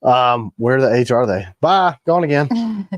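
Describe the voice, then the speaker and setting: A man's voice: mid-range voice, very animated, unhurried, lo-fi sound. A man hosting a casual knife-making livestream, rambling and joking as he shows off his gear and trails off mid-sentence. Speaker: knife maker and livestream host.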